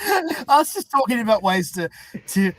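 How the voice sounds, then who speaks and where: A man hosting a casual chat, laughing often and talking haltingly with fillers. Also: very high voice, big pitch swings, dry recording. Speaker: podcast host.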